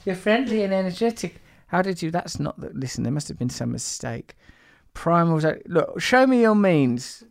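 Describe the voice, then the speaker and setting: A man's voice: on the high side, very animated, normal speed, vocal fry, hardly any pauses, dry recording. A man hosting a casual podcast, rambling and jokey, teasing his co-worker and trailing off with fillers. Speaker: podcast host.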